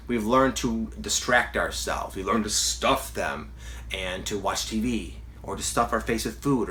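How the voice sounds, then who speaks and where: A man's voice: lowish voice, a bit bright. A man giving a casual self-help talk as a spiritual coach, earnest and rambling, with frequent restarts.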